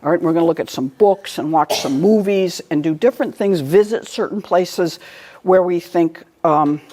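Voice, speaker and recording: A woman's voice: fairly low pitch, moderate pace, mellow, slight background noise. A middle-aged woman giving a lecture in a conversational way, telling stories, laughing at her own anecdotes and often asking "all right?". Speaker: speaker giving a talk.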